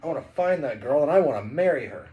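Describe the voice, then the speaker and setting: A man's voice: fairly high pitch, expressive, fast talker, highs cut off, lightly acted. A man reading the lines of a young lovestruck prince from a storybook in close to his own voice, earnest and wistful.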